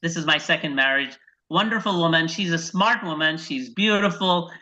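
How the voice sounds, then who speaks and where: A man from Iraq doing a stand-up set over a video call, telling deadpan one-liners and acting out his wife and his dog. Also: on the high side, moderate pace. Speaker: stand-up comedian. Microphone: video call microphone. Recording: dull lo-fi video call audio.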